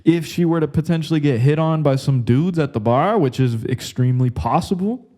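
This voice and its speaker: A man's voice: on the high side, a little fast, dark tone. A young man hosting a podcast, telling stories in a rambling, crude, casual monologue. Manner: rambling, crude, says "like" and "bro" constantly. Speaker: podcast host.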